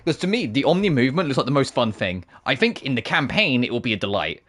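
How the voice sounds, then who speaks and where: A man's voice: mid-range voice, sing-song, quick pace, fairly bright tone. Male streamer, casual profane gameplay commentary, ranty and laughing. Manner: profane, ranting, laughs often.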